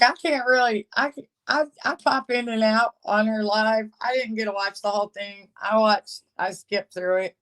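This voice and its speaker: A gossipy livestream host who talks in a slow, drawn-out way and often trails off mid-sentence. The voice sits at a middle pitch and carries a dry, sarcastic edge. The host laughs often while reading and answering the chat. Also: fairly bright tone.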